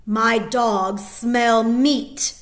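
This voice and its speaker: A suspicious soldier barks his questions with open contempt, as a woman reading aloud puts him on. His voice stays loud and hard, pushing for answers. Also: a little high, steady tone, very slow. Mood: gruff. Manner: barking, scornful. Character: suspicious harsh male soldier.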